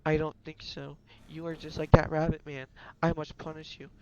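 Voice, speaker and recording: A man voicing a solemn male puppet spirit who grants life, speaking hushed, slow and grave. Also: a little high, flat delivery, highs cut off, lightly acted. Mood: stern.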